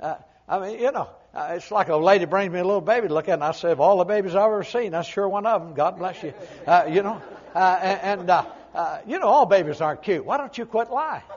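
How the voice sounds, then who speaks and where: An older male preacher with a high voice tells homespun stories in a folksy, humorous sermon. He swings between loud, punchy emphasis and quiet, low asides. The recording sounds dull and muffled. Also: expressive, fast talker.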